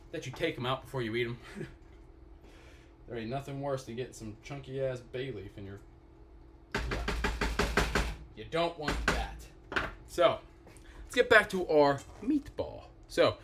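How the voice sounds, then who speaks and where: A man's voice: on the high side, noisy background. Chatty man hosting a home cooking stream. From Pittsburgh area. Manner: chatty, talks straight to viewers, swears casually. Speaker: cooking livestream host. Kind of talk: casual live cooking chat. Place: home kitchen.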